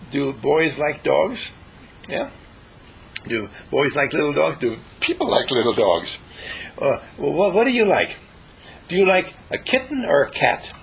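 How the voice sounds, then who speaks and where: A man with a husky voice giving a spiritual talk, playful and questioning, asking his listeners things. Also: a bit bright, a little hiss or hum, poor audio. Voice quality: husky and gravelly. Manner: playful, questioning, with big swoops in pitch.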